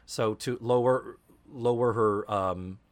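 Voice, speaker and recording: A man co-hosting a podcast in casual chat, telling stories in an animated, profane way. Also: mid-range voice, slow. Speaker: podcast co-host.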